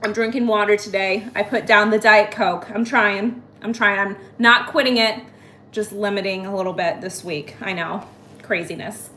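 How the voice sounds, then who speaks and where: A woman in her thirties hosting a casual live-stream haul, chatty and excitable as she talks to viewers by name. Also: mid-range voice, normal speed. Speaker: host. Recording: echoey room.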